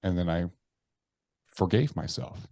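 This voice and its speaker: A low-pitched man tells candid personal stories with plenty of swearing, jumping into the voices in his head. He turns hushed and subdued when the talk gets confessional. The sound is dry and close. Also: measured pace, gravelly, no room sound. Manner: animated, profane, acts out his inner voices. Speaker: podcast guest. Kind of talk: candid storytelling in conversation.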